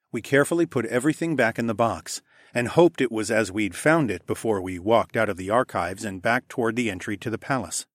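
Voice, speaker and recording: A man reading a first-person fantasy audiobook in a steady, measured way. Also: on the low side, no echo, studio quality. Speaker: audiobook narrator.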